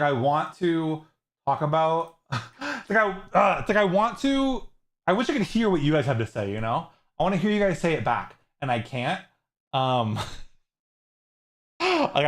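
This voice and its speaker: A male streamer chatting off the cuff with his viewers, his voice sitting a little high and swinging widely in pitch. He rambles, restarts sentences and laughs often. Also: a bit bright. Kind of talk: casual live-stream chat with viewers.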